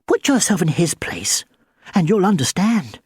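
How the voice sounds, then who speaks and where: A woman narrating a children's audiobook with expressive, lively storytelling. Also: fairly low pitch, a little slow, slightly rough, no room sound, clean studio sound.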